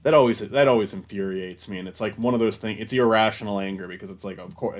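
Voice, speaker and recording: A young man and voice actor gives casual commentary while editing his takes, swearing often and breaking into frustrated, loud ranting. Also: fairly low pitch, fast, few pauses. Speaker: voice actor and creator.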